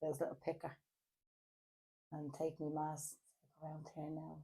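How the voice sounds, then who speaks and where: A woman from Ireland with a Dublin accent, a podcast guest in casual chat, hesitant with many fillers, animated when telling stories. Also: sits low, unhurried, creaky, slightly rough.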